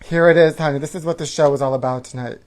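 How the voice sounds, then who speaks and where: A man's voice: fairly high pitch, fairly even intonation, fast, darkish tone, a little hiss or hum. Sassy gossiping man reading tabloids. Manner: sassy, gossipy, calls the listener honey. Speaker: comedy show host. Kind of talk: campy comedic reading of tabloid headlines.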